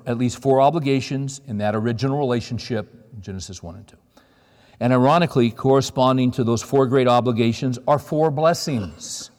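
A man's voice: mid-range voice, a little mellow. A middle-aged man preaching a sermon, telling stories in a conversational way and checking in with the audience. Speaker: pastor. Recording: long reverb of a large hall.

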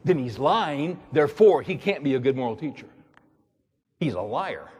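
A man preaching from the pulpit, his voice a touch high and husky. He drives each point home with repetition and pointed rhetorical questions. Long reverb from a large church hall trails after every phrase. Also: expressive, moderate pace, a little mellow. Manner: emphatic, repeats words, fires rhetorical questions. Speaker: pastor. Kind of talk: sermon.

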